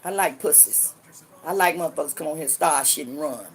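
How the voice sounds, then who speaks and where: Loud trash-talking woman in her sixties. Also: fairly quick. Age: 60s. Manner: loud, cursing, trash-talking, swings between hollering and low muttering. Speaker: livestream host. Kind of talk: livestream chat answering viewers.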